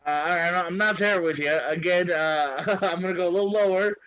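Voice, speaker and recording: A man co-hosting a podcast, giving his take on movies in casual, hesitant, measured chat. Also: high voice, a crowd in the background. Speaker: podcast co-host. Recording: dull dry sound.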